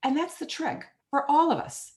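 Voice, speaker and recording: A middle-aged woman answering interview questions as a guest author, telling stories in an emphatic, energetic way. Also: high-pitched, moderate pace.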